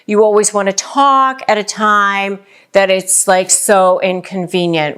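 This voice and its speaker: Middle-aged female host, conversational advice talk, smooth resonant voice, mid pitch. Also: fairly even intonation, a bit bright. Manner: conversational, acts out quoted lines in quick asides. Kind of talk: direct-to-camera advice talk.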